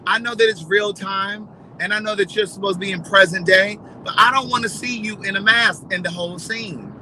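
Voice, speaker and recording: A man chatting casually to his viewers, telling stories in a gossipy, animated way. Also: sits high, brisk, slight background noise, poor audio. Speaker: vlogger. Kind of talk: casual storytelling chat.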